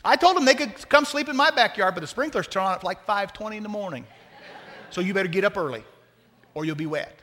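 A man preaching a sermon as pastor, talking to the congregation in a conversational, joking way with lively asides. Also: high-pitched, fast talker, long reverb tail.

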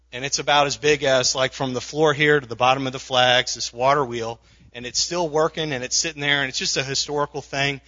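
A man's voice: medium pitch, pushed and bright, dull audio. A man preaching a sermon in a conversational way, with frequent restarts and asides. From not from the South. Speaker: pastor.

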